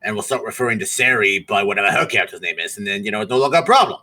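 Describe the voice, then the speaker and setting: A man's voice: lowish voice, expressive, very fast, crowd noise, low-quality recording. A man acting as game master, chatting casually and rambling a bit with fillers as he wraps up a tabletop game stream.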